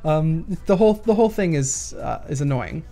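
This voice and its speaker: A man with a high-leaning, dark-toned voice and lively intonation talks at normal speed while playing a shooter. As a gaming YouTuber answering questions, he rants casually, backtracks a lot, and uses analogies to make his points.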